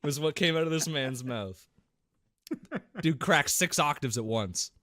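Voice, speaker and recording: A man's voice: fairly high pitch, unhurried, bright, forceful tone, a little hiss or hum. A young man co-hosting a podcast, telling a gaming story with a lot of swearing and acting out voices and gunfire. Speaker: podcast co-host. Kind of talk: casual gaming story chat.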